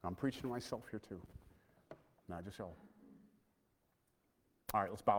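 A man preaching an emotional, heartfelt sermon, often dropping to a soft voice. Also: on the low side, a little slow, pauses often, breathy edge. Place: church sanctuary. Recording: long reverb of a large hall.

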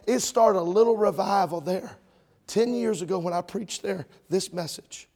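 A man preaching a revival sermon, telling stories that swell to shouts and drop to a hush, ending in an altar call. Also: moderate pace. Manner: storytelling, voice swells to shouts then drops low.

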